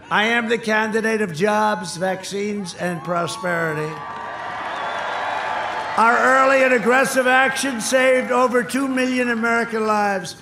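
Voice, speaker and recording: A man giving a campaign rally speech in short, punchy, repeated phrases, sometimes breaking into shouts, recorded outdoors through an echoing PA. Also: sits high, unhurried, slight background noise. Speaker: political speaker at a rally. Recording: echoey outdoor PA sound with crowd. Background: cheering crowd.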